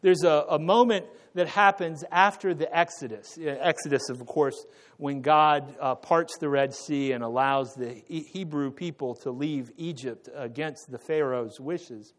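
A man preaching an unscripted sermon, pausing on fillers and correcting himself as he goes. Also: a little high. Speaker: pastor.

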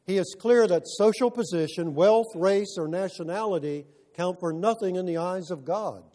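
Mellow-voiced male preacher, earnest and measured. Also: sits high. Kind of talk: sermon.

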